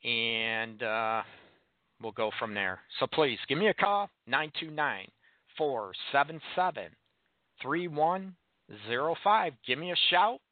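A man hosts a call-in relationship advice show, very animated yet taking his time, his voice medium in pitch. He speaks frankly in monologue, posing blunt rhetorical questions to the audience. The audio has no echo, sounding dry and tinny like a phone.

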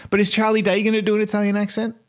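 A man's voice: sits high, monotone, racing. A man in his forties co-hosting a podcast, joking around and swearing freely in casual banter. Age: 40s. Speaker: podcast co-host.

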